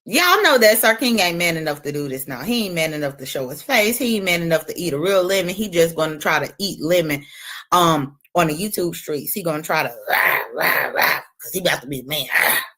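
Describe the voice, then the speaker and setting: A woman streamer with a low voice speaks fairly quickly, eating a lemon while she taunts, curses, and trash-talks casually and brashly, keeping things animated.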